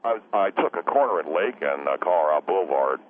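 A man's voice: low-pitched, animated, quick pace. A man playing a scatterbrained young caller who rambles, apologizes and loses his train of thought. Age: young adult. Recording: tinny phone line with faint hiss.

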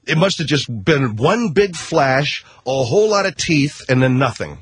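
A man's voice: fairly high pitch, expressive, moderate pace, few pauses, husky, dry recording. A middle-aged man hosting a talk show, telling a rambling, sarcastic comic rant with casual swearing and constant self-corrections. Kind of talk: comedic rant monologue.

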